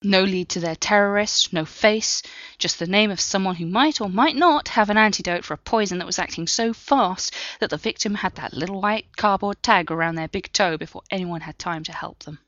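A woman narrating a story in a steady, measured reading. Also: mid-range voice, dry recording, dull audio. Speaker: audiobook narrator. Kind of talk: scripted narration.

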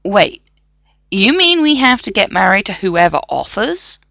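A woman's voice: medium pitch, sing-song, measured pace, gravelly, pushed and bright, no room sound, exaggerated voice. A woman voicing a wry, sarcastic male officer with a dry delivery.

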